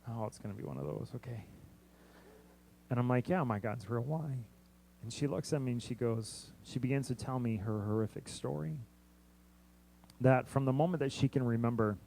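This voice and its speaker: Young male missionary preacher telling a story from the pulpit; moves between near-whisper and loud emphasis. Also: medium pitch, vocal fry, a little hiss or hum, poor audio. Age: young adult. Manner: storytelling, acts out quoted dialogue, swings from hushed to loud. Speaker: missionary pastor. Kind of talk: sermon.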